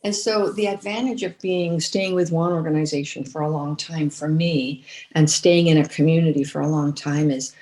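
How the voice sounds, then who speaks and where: Older woman guest, veteran fundraiser, lower register, anecdotal and animated with lots of restarts. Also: moderate pace. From United States. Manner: storytelling, animated, many restarts and repeated words. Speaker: guest, former chief fundraiser. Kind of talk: conversational podcast interview.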